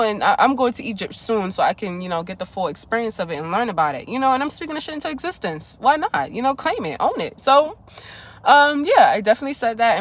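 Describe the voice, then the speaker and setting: A young woman vlogging a casual storytime, talking candidly and emotionally straight to her viewers and swearing freely. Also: medium pitch.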